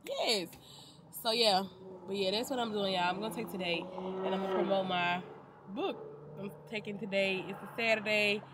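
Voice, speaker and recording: A young woman talks casually to her viewers from the driver's seat, rambling and tossing in the odd swear word. Her pitch sits in a middle range for a woman. Loud car and road noise rumbles behind her voice throughout. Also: steady tone, moderate pace. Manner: chatty, rambling, says y'all and swears casually. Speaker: vlogger. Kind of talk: casual vlog chat. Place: inside a car.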